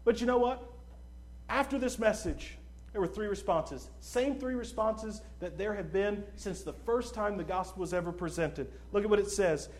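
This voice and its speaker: A man's voice: high-pitched, moderate pace. A man preaching an evangelistic sermon at a church service, emphatic and fervent, reading scripture and pressing his listeners. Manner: emphatic, fervent, rising to shouts.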